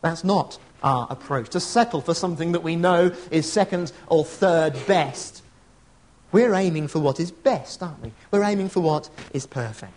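A man's voice: a little high, lively intonation, moderate pace, a little mellow. A middle-aged man preaching a sermon, earnest and conversational, with storytelling asides. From England.

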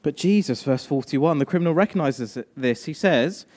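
A man preaching a sermon, moving between hushed, slow lines and rising, emphatic passages. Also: on the high side, lively intonation.

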